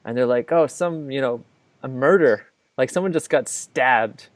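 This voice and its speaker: A man's voice: mid-range voice, moderate pace, dry recording. A man co-hosting a podcast, telling a long personal story in casual chat, rambling and packing his talk with "like". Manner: rambling, filler-heavy, full of "like". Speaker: podcast co-host. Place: living abroad in Ireland, recording indoors.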